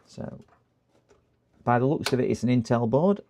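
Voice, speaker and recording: A man's voice: medium pitch, animated, moderate pace, warm tone, a little hiss or hum. A man chatting casually with viewers on a live stream while repairing a computer, rambling and thinking aloud as he works.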